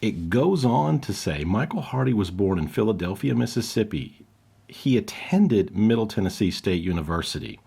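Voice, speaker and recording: A man's voice: fairly low pitch, animated, moderate pace, vocal fry, warm tone, a little hiss or hum. A man in his forties hosting a music reaction video, talking casually with wry, sarcastic asides. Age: 40s.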